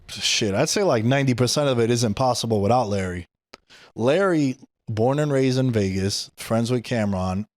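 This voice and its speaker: A man's voice: fairly low pitch, a little mellow, no room sound, clean studio sound. A man with a New York accent, hosting a podcast and telling a story in casual, slangy talk, swearing freely. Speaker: podcast host. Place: podcast studio.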